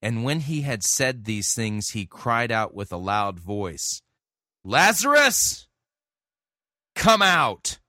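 A man preaching a sermon, reading scripture aloud and then explaining it in an earnest, halting way with many restarts. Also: on the low side, fairly bright tone, no room sound, clean studio sound. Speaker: pastor. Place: church.

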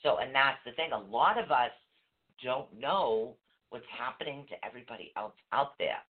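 A man's voice: mid-range voice, normal speed. Casting: emphatic male meditation teacher, tinny phone-line sound. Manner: animated, emphatic, repeats key phrases. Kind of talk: casual teaching chat.

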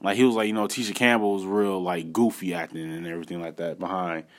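A man telling a personal story in a casual, animated way, speaking straight to his viewers with slangy asides. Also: low-pitched, quick pace. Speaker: vlogger.

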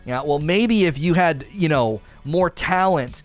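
A man's voice: on the high side, lively intonation, unhurried, soft background music. A man streamer in a heated, defensive monologue, repeating himself as he vents. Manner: indignant, defensive, repetitive. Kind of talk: ranting monologue.

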